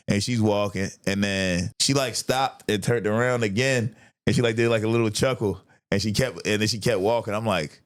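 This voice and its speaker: A young man hosting a casual chat, telling a story animatedly and jumping high to act out his friends. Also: moderate pace. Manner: animated, acts out friends' voices in a high pitch. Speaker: podcast host.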